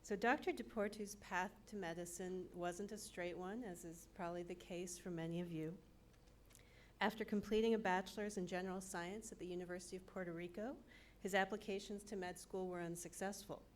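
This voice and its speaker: A woman department chair giving a formal, slightly halting introduction of a keynote speaker into a podium mic. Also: lowish voice, steady tone, slight background noise.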